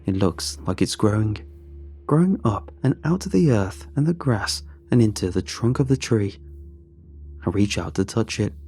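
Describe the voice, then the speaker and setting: A man with a dark, mellow, breathy voice tells a horror story at an even pace. His delivery is measured and hushed, pitched on the low side. Quiet music runs beneath. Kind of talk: scripted horror narration.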